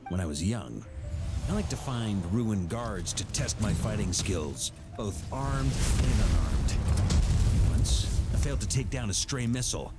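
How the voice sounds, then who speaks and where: An actor playing a hearty middle-aged knight grandmaster in a game, talking in a measured, formal, storytelling way. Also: male voice, fairly low pitch, very animated, loud music behind the voice. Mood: reminiscing. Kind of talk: game voice acting.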